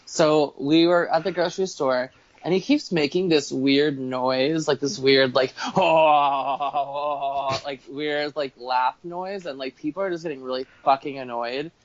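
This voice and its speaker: A man's voice: fairly high pitch, normal speed. A man as podcast guest, telling rambling stories full of swearing and acted-out quotes. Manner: rambling, swearing, animated quoting. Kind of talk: casual storytelling chat. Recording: dull lo-fi home recording.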